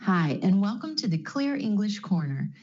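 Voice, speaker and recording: A woman with an American accent teaching a scripted pronunciation lesson, clear and deliberate, slowing down to model each sound. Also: medium pitch, very animated, a little mellow. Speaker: accent coach. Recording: dull lo-fi video audio.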